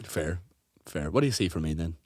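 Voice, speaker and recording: A man's voice: deep voice, animated, fairly quick, darkish tone, no echo, clean studio sound. A man co-hosting a podcast in casual comedic chat, rambling and swearing as he tells stories. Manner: rambling, sweary, acts out people in quotes. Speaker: podcast co-host.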